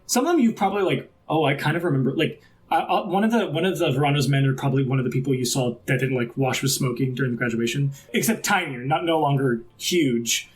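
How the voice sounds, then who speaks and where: A man's voice: medium pitch, quick pace, few pauses. A man narrating a tabletop game as game master, in a loose, rambling way full of fillers.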